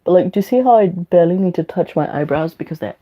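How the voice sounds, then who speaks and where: On stream doing her makeup, a young English livestreamer who also teaches rambles and chats casually, cursing freely. She talks fast in a lowish, mellow voice with lively intonation.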